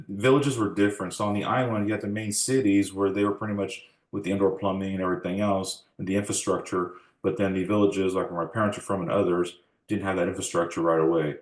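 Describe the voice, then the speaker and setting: Reflective man telling stories, roomy sound. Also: sits low. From United States. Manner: reflective storytelling, acts out quoted dialogue. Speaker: interviewee. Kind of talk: oral history interview.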